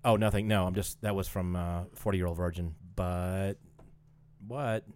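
A man's voice: sits low, steady tone, fairly quick, a little mellow, a little hiss or hum. A man co-hosting a podcast in casual chat, joking and riffing on bits. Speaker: podcast co-host. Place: podcast studio.

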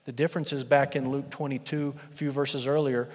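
A pastor preaching a sermon, telling the story with big swings from loud and intense to hushed and quiet. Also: male voice, medium pitch, level tone, fairly quick. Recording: long hall reverb.

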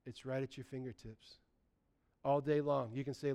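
A man, preaching a sermon, animated, swinging between loud bursts and quiet asides. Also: medium pitch, normal speed, vocal fry, smooth. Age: 60s. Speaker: pastor.

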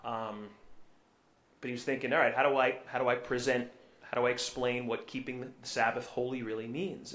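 A man's voice: medium pitch, a bit bright. Male priest, sermon, chatty storytelling with fillers and restarts, echoey church room.

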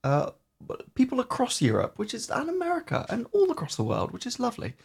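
A man's voice: very high voice, wildly swooping pitch, fast talker, creaky, husky. A man co-hosting a podcast in casual chat, teasing and cheeky, sharing one microphone with his co-host. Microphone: one microphone shared between two.

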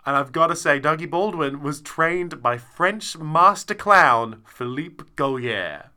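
A man's voice: a little high, animated, slow, sharp tone, clear, resonant tone. A man co-hosting a podcast, chatting casually and rambling with lots of fillers as he recounts a show he saw. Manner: rambling, self-interrupting with many fillers. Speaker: podcast co-host. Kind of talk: casual chat reviewing a show.

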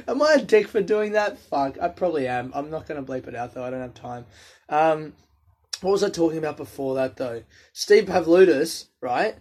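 Alone at the mic, a man rambles through sweary stories and laughs at his own jokes in a casual, storytelling way. His voice is fairly high-pitched and expressive, a little mellow, and moves at a normal pace.

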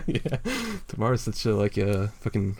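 Low-voiced man chatting casually. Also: fairly even intonation, unhurried, crowd noise. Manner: laid-back, swears often, laughs easily. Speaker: podcast co-host. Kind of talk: casual chat reviewing a comic.

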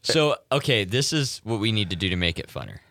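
A man's voice: fairly low pitch, big pitch swings, fairly quick, a bit bright, no room sound. A man co-hosting a radio show who chimes in with playful jokes. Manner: joking, playful interjections. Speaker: radio co-host. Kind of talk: casual radio chat.

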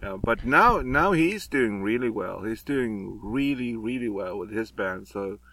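A man's voice: on the low side, animated, a little slow, sharp tone, dry recording, low-quality recording. A middle-aged man, a podcast guest, telling stories in a rambling, hesitant way with many fillers. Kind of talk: casual chat.

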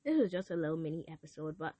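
A woman's voice: low-pitched, rapid-fire, dry recording. A teenage girl hosting a podcast, speaking earnestly and confessionally in a casual talk about faith. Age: teens. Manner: earnest, confessional, animated quoting. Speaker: podcast host.

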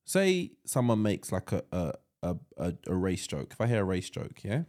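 A man co-hosting a podcast in casual chat, excitable and teasing, often repeating his words as he talks. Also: deep voice, normal speed. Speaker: podcast co-host.

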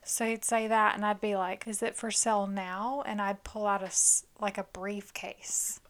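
A woman's voice: medium pitch, flat delivery, normal speed, fairly bright tone. A woman co-hosting a podcast, chatting casually and playfully telling made-up scenarios. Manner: playful storytelling, acting out scenes. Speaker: podcast co-host. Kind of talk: casual chat.

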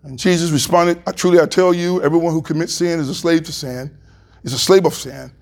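A man preaching a sermon as pastor, reading scripture aloud and rising louder and higher to stress his points. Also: fairly even intonation, a little fast, creaky.

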